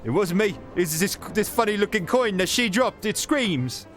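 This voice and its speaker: A man's voice: high voice, lively intonation, moderate pace, a bit bright, soft background music, voice pushed up. A man voicing a panicky male orc bowler who insists he didn't do it, in a raised, protesting voice. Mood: defensive.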